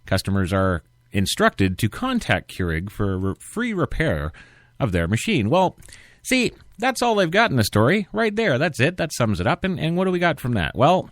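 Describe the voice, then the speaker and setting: A man's voice: mid-range voice, huge pitch swings, moderate pace, dry recording, clean studio sound. A man hosting an internet talk radio show, reading news stories and riffing on them in a sarcastic, rambling way.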